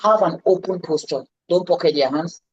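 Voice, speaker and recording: A woman's voice: lowish voice, normal speed, darkish tone, breathy edge, no echo, muffled recording. A woman coaching public speaking in a live online lesson, stressing and repeating her key words. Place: indoors, seated.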